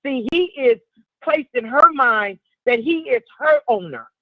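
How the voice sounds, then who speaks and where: A woman calling into a talk show and offering her opinion in a reflective, measured way. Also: high-pitched, lively intonation, no echo, lo-fi sound. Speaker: caller.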